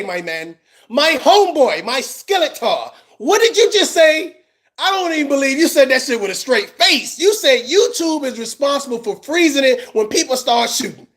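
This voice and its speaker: A man's voice: extremely high pitch, big pitch swings, normal speed, fairly bright tone. Mocking, laughing male reaction commentator. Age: middle-aged. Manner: mocking, laughs a lot, slangy.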